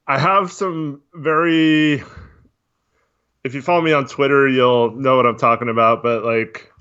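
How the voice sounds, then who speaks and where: A man chatting casually on a livestream, talking in a monotone with many fillers while reading chat. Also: medium pitch, a little slow, clear, resonant tone. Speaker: podcast co-host. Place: voice only on a live stream. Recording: dull lo-fi stream audio.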